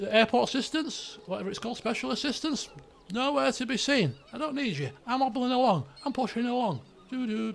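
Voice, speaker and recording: A man, hosting a game video and telling a rambling personal story in an animated way, full of restarts and asides. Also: sits high, vocal fry, a little hiss or hum. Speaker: let's play host.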